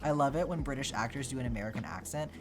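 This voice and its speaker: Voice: mid-range voice, racing. A streamer from Georgia chatting casually and answering live chat, talking through thoughts with many fillers and restarts. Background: background music.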